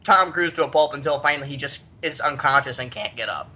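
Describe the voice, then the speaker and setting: A man co-hosting a podcast in casual chat, telling stories in a chatty, animated way. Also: a little high, fast talker, husky. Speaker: podcast co-host.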